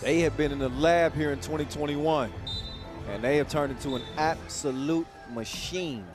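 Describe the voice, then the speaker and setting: A man giving quick, energetic, joking play-by-play commentary at a live basketball event. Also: fairly high pitch. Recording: broadcast mix with loud crowd and music.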